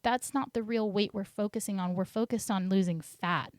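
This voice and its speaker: A woman's voice: medium pitch, moderate pace, no echo, clean studio sound. A woman health coach in a solo podcast, talking in an upbeat, encouraging way and acting out her clients' voices.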